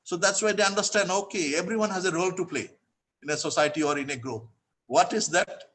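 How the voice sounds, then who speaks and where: A man with an Indian English accent delivers a formal academic lecture. His voice sits a little higher than most men's, and he explains points earnestly and at length, like an invited speaker addressing colleagues. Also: fast talker, fairly bright tone.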